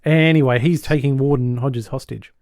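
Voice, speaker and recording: Mellow-voiced man telling a story. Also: mid-range voice, moderate pace, no room sound, clean studio sound. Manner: animated storyteller, chuckling often. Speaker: podcast host. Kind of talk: casual podcast chat retelling a sitcom episode.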